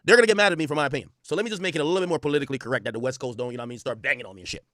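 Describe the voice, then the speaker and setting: A man's voice: mid-range voice, very fast, fairly bright tone, dry recording, clean studio sound. A man hosting a reaction commentary, ranting with profanity and repeating his points for emphasis. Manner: repetitive, emphatic. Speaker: host.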